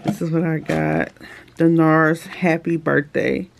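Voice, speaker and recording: A young woman vlogging casually at home, chatting straight to her viewers in a relaxed way. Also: sits low, slow pace, creaky, noisy background. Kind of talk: casual vlog chat. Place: home, indoors.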